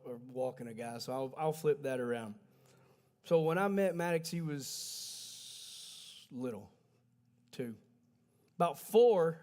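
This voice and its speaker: Folksy preacher, on the high side. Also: male voice, darkish tone. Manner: folksy, conversational storytelling with self-corrections. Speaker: pastor. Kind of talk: sermon. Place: church livestream.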